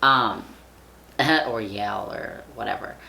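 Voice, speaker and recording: A man's voice: fairly low pitch, takes it slowly, gravelly, bright, forceful tone, slight background noise. A young man vlogging in casual chat, rambling with lots of fillers and casual swearing. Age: young adult.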